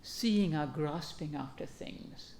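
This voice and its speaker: A woman, an abbess, giving a calm and gentle dharma talk, speaking in an unhurried way with reflective pauses. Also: sits low, a little hiss or hum.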